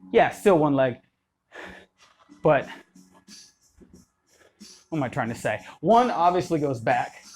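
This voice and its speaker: A man teaching popping moves in a loose, rambling way, counting beats aloud. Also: a little high. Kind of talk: casual spoken dance tutorial.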